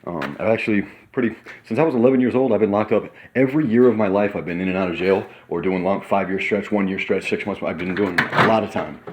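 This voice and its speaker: A man in his thirties, excitable and rambling in a casual vlog monologue, sometimes talking while eating in a hotel room. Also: fairly low pitch, fast, noisy background. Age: 30s. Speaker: vlogger.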